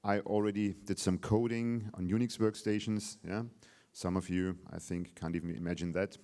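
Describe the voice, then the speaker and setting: A man's voice: low voice, steady tone, moderate pace, mellow. A man in his forties with an Austrian German accent gives an informal, direct public speech as a government official. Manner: informal and direct, with fillers like "you know" and "yeah". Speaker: government state secretary giving a speech.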